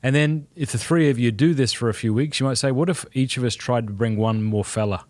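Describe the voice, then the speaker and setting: Relaxed Australian man, dry close mic. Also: mid-range voice, a little fast, no room sound. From South Australia. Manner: relaxed, reflective, joking. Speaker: podcast host reading viewer questions. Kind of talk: podcast conversation.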